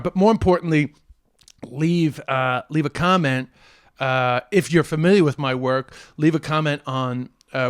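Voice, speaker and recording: A middle-aged male comedian telling a true story to camera in a casual, animated way, restarting sentences and saying "but anyway" often. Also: fairly high pitch, dry recording, studio quality. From United States. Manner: animated, builds to excited near-shouting at the punchline; self-correcting restarts, frequent "uh" and "but anyway".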